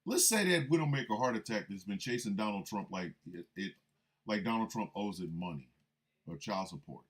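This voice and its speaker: A man's voice: on the low side, lively intonation, fairly quick. A man hosting a show of comedic political commentary, talking in an emphatic, mocking way. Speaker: host.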